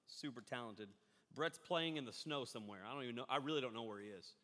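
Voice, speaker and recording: A man preaching a sermon, rambling and animated, often breaking off mid-thought. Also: mid-range voice, fast, a little hiss or hum. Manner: rambling, animated, self-interrupting. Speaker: pastor. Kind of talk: live-streamed sermon. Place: church hall. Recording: echoey hall reverb.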